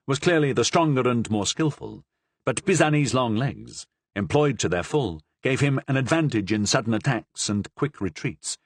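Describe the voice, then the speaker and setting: A man giving a measured, low-toned narration of a historical novel. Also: dry recording. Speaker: audiobook narrator.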